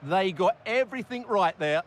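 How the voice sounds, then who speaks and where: Brief: a video game co-commentator, measured and thoughtful, slightly high voice. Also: male voice. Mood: reflective. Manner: calm, reflective analysis in full sentences. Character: measured male football co-commentator. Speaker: football co-commentator. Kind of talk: video game match analysis.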